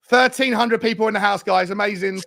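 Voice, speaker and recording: A man hosting a fan show livestream, reading out viewer super chats with excitable, slangy banter. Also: sits high, a little fast, gravelly.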